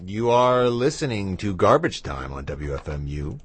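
A man's voice: on the low side, very animated, normal speed, faint music behind. A man hosting a radio show, chatting casually and playfully between songs, rambling and talking to his dog in the studio. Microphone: studio mic with echo effect.

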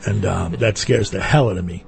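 A man's voice: low voice, a little fast, creaky, music in the background. A man hosting a radio show, chatting casually and telling wry, rambling stories into a studio microphone. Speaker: radio host. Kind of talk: casual chat.

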